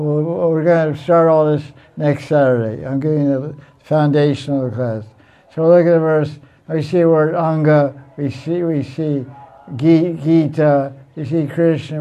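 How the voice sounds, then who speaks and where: A man's voice: on the high side, mellow. A man teaching a Sanskrit class in a blunt, teasing way, often repeating himself. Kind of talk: informal classroom lecture.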